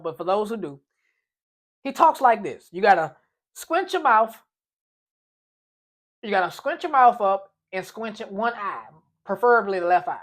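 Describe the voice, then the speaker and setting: High-voiced, animated comic storyteller man. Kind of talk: comic story time vlog.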